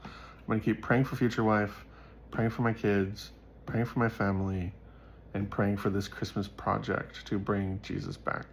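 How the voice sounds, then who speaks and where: Low, gravelly man talking earnestly. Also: flat delivery, moderate pace, a little hiss or hum. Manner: earnest and rambling, many fillers. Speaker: faith vlogger. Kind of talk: casual monologue to viewers.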